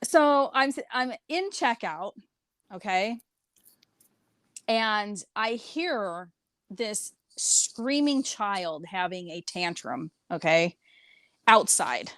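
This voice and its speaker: Woman, podcast co-host, animated storyteller, frequent laughter, dry sound. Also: mid-range voice, very slow, no echo. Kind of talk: casual chat.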